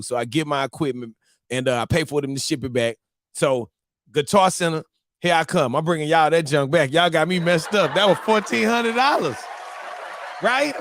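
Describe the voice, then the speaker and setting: A married man hosting a live-streamed morning show, telling a story to his viewers in a casual, animated, slang-filled way. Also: a little high, dry recording, studio quality. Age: adult, married.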